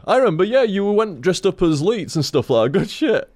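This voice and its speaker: Streaming from home through a desk-mounted studio microphone, a young man speaks in a high, expressive, slightly mellow voice, a little fast and barely pausing. He chats to his cat, curses freely and rambles on.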